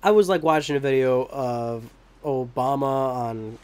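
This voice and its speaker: A man's voice: medium pitch, a little slow, darkish tone. A young man giving rambling, joking commentary over gameplay, with profane asides. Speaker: let's play commentator.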